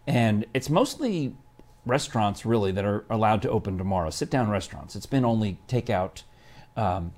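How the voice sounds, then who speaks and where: A man's voice: fairly low pitch, lively intonation, moderate pace, a little mellow. A male co-host chatting casually on a live show. He rambles, backs up and restarts his sentences as he talks.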